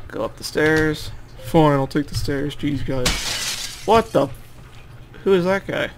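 A man's voice: on the high side, slow, slight background noise. Chatty young man hosting a let's play. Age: young adult. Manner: chatty, joking asides, reads game text aloud under his breath. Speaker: gaming channel host. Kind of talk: casual let's play commentary. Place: home room with a water fountain fish tank. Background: faint fish tank water trickling.

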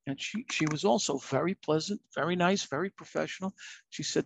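A man's voice: fairly high pitch, a little fast, creaky, a little hiss or hum. A middle-aged man, a retired fire captain telling his own story in a candid, earnest, plain-spoken way.

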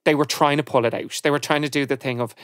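A woman hosting a podcast, chatting in a lively, storytelling way. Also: low voice, fast, clean tone, no echo, studio quality. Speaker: podcast host. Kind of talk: casual chat.

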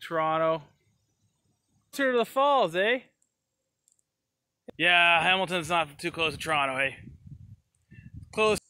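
Bright high-voiced man in quick sketch banter. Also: clear, resonant tone, no room sound, clean studio sound. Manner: quick back-and-forth chatter, tags lines with a drawn-out "eh". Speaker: comedy sketch performer. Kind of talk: comedy sketch, playing several people in turn.

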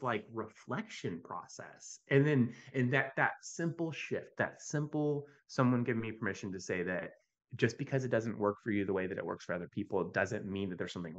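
A podcast guest who advocates for youth mental health tells stories conversationally in a fairly low, animated voice, often checking in with a quick "right?". The audio sounds dull and slightly lo-fi.

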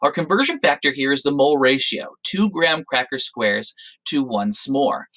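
A man explaining a science lesson to students. His pitch rises and falls a great deal, and he leans on the important words as he walks through each step. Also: gravelly, rough recording. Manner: lively, explanatory, stresses key words. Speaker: science teacher. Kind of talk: recorded classroom lecture.

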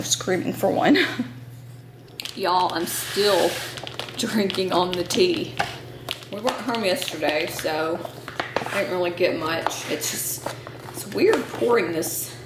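A Southern US woman in her thirties, a mom vlogger, chats casually to the camera at home, rambling with plenty of ums and asides. Her voice is medium-pitched, and there is background noise.

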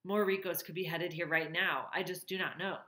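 Storybook robot mother, steady and resolute, a woman reader playing her, echoey room. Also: on the low side, normal speed. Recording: roomy echo.

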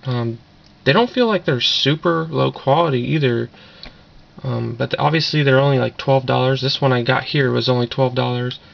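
A man's voice: mid-range voice, normal speed, gravelly. A man casually talking through an unboxing in a rambling, offhand way with lots of fillers. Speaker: vlogger doing an unboxing. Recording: dull lo-fi camera audio with noise.

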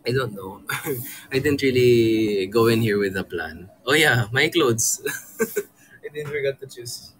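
A man's voice: medium pitch, expressive, takes it slowly, fairly bright tone, slight background noise, low-quality recording. A man co-hosting a livestream, chatting casually and mixing in Tagalog words as he thanks viewers. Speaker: livestream co-host.

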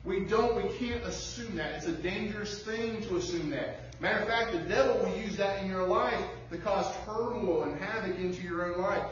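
A man's voice: high-pitched, normal speed, few pauses, a little hiss or hum. Distant echoey pastor preaching, a man. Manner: conversational preaching, acts out dialogue. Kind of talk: sermon. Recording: very echoey hall, distant, dull lo-fi.

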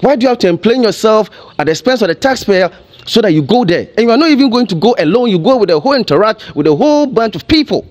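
A man's voice: sits high, expressive, fast talker, darkish tone. A man with a Ghanaian accent giving impassioned commentary on TV, emotional and firing off rhetorical questions.

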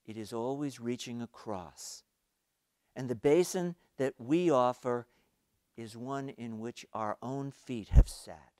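A male pastor delivers an earnest sermon full of storytelling for an online worship service, building to emphasis before dropping to quiet. His voice is medium-pitched and he takes it slowly. The studio-quality recording has no echo.

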